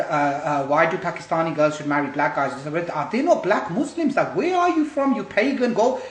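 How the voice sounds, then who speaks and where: A man's voice: a little high, a bit bright, echoey room, rough recording. A man hosting a livestream, ranting angrily and swearing over and over as he speaks into a phone. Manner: angry, profane, repetitive. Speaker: livestream host.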